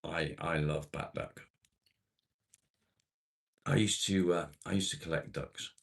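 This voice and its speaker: A man's voice: sits low, steady tone, slow, gravelly. A middle-aged man chatting casually on a live stream, reading out viewer comments in a laid-back way and swearing freely.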